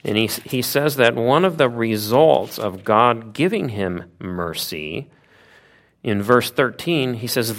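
A man preaching a sermon, retelling a Bible story with lively asides and rhetorical questions. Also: medium pitch, takes it slowly.

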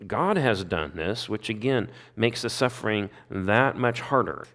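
A man's voice: fairly low pitch, fairly bright tone. A man teaching a Bible study, explaining scripture in plain words and often paraphrasing it in the first person with rhetorical questions.

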